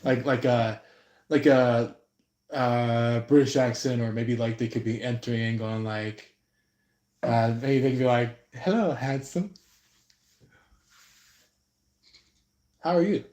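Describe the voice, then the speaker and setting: A man giving an intuitive reading on a live stream, slow and halting, with many fillers and restarts. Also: medium pitch, little pitch movement, darkish tone, roomy sound. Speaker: tarot reader.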